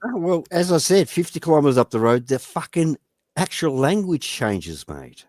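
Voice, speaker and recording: An Australian man talks in a blunt, emphatic way, swearing freely and hammering the same point again and again. His pitch swings widely as he argues. The sound is dry and close, with no room echo. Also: very animated, moderate pace, a little mellow. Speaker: panelist on a live stream. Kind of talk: casual chat.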